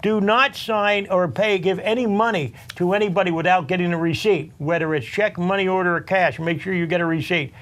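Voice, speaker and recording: A man with a notably high voice hosts a talk show as an attorney. He speaks earnestly and repeats his warnings, addressing listeners directly. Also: steady tone, fairly quick, few pauses, fairly bright tone. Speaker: tax and immigration attorney, show host.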